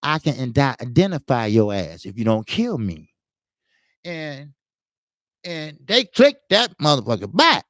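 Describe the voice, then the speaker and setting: In clean studio sound with no room echo, a man from Chicago, USA, who hosts a boxing channel, tells a rambling street story full of "you know" and swearing. His mid-range voice is a bit bright, with big pitch swings and a measured pace.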